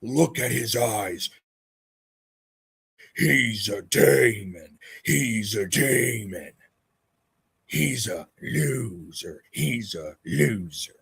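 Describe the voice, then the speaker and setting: A man doing a mocking impression of an accuser who repeats his charges slowly and heavily. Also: mid-range voice, lively intonation, vocal fry, a bit bright, husky, exaggerated voice. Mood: ranting. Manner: slow, repetitive accusations.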